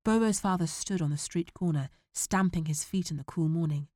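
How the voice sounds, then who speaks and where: Female audiobook narrator, measured and dramatic, lower pitch, dry close recording. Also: dark tone, no room sound.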